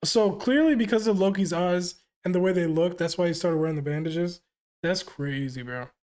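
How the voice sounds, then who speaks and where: A man's voice: sits high, moderate pace, a little mellow. Brief: man, live comic-reaction streamer, casual and slangy, exclamations between panel reads. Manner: slangy, exclamatory, often ends lines with yo or bro.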